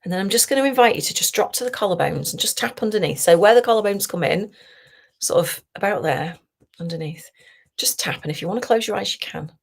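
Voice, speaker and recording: A woman coach leading a guided tapping session, talking slowly and soothingly and often dropping to a whisper. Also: medium pitch, animated, gravelly. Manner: slow, soothing, softly guiding with whispered phrases.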